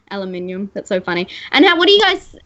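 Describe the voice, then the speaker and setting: A woman's voice: high-pitched, sharp tone, dull audio. A woman guest in a casual livestream chat, speaking in an upbeat way.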